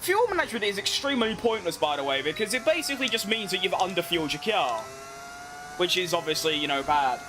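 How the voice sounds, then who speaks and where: A man's voice: high-pitched, very animated, fast talker, noisy background. A young man giving casual, self-mocking commentary as he plays a racing game, rambling and restarting his sentences. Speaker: gaming video creator. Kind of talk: casual commentary over gameplay.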